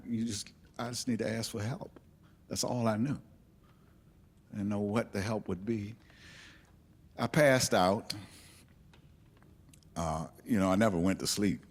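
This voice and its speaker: A man shares a personal story before a live audience. His voice sits on the low side, and he speaks candidly and reflectively, pausing and restarting as he works through his memories. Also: a little mellow.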